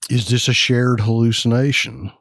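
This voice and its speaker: A man's voice: mid-range voice, level tone, moderate pace, gravelly, a bit bright, dry recording, studio quality. A man co-hosting a casual podcast, speculating and musing aloud. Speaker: podcast co-host.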